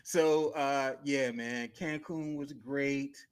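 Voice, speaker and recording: A middle-aged man tells stories on a sports podcast. He is animated and slangy, and he laughs often as he talks. His voice sits at an ordinary pitch for a man. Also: slow pace, clear, resonant tone. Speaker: podcast co-host. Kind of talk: casual chat.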